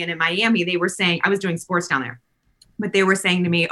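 Animated woman telling stories, bright voice. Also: fairly low pitch, brisk. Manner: animated, laughing, acts out quoted voices. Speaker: podcast guest. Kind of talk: casual conversational storytelling.

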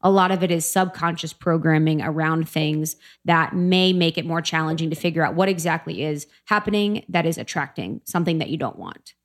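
A woman with a somewhat low voice co-hosts a casual podcast, musing about mindset and old stories. She talks loosely and reflectively, with plenty of "like" and "you know.". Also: fairly quick, hardly any pauses. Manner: reflective, self-help phrasing with many fillers. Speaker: podcast co-host.

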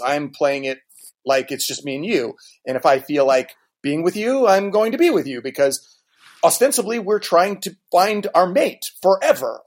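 An animated man with a lively voice. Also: a little high. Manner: animated, mock-exasperated outbursts and acted-out quotes. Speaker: podcast guest. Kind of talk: casual chat.

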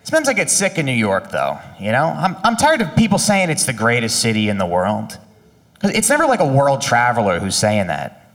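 A man's voice: medium pitch, wildly swooping pitch, brisk, a bit bright, long reverb tail. A man doing stand-up comedy with a dry, conversational delivery.

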